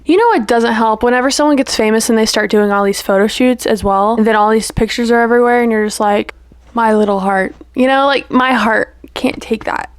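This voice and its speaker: A young woman talks straight to camera in a loose, chatty vlog, gushing and playful with a steady stream of "like" and "you know". Her voice sits a little high, and the recording is close and dry, with no room sound. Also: fast talker, hardly any pauses, clear, resonant tone, dry recording. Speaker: vlogger. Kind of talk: casual chat to camera.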